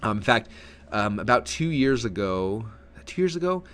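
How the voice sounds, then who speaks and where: A man teaching marketing in a casual, energetic way, swinging his voice up and down, with many fillers and repeated words. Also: normal speed, slight background noise. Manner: energetic, animated, swings pitch up and down. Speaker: webinar trainer.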